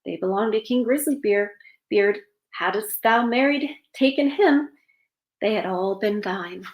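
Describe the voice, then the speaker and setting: A woman's voice: mid-range voice, measured pace, roomy sound, lightly acted. A woman voicing a blunt wandering beggar musician in a read-aloud fairytale, speaking curtly.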